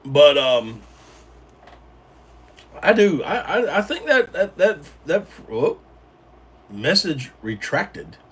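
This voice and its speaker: Brief: male host, a touch high-pitched, casual meandering livestream talk with frequent restarts. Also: sing-song, slow, long pauses, fairly bright tone, husky, recorded from a distance. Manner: rambling, hesitant, full of ums and repeated starts. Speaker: livestream host reading chat. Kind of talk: casual live-stream chat.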